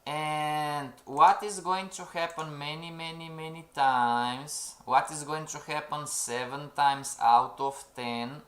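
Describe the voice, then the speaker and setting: A man's voice: on the high side, steady tone, slow, few pauses. A man giving a live-stream trading lecture, coaxing his audience and often asking if they agree. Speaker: trading instructor. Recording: roomy echo.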